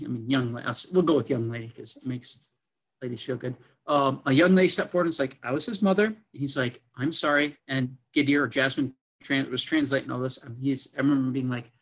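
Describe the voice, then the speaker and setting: A man's voice: medium pitch, a bit bright, rough recording. A man, a military officer, tells a personal story to a podcast host in an earnest, unpolished way. His speech is full of fillers, and he often acts out quoted dialogue as he goes.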